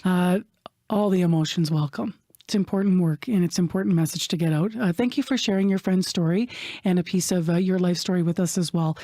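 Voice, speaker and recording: Gentle Canadian woman news interviewer. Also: on the low side, no echo. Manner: gentle, measured questions.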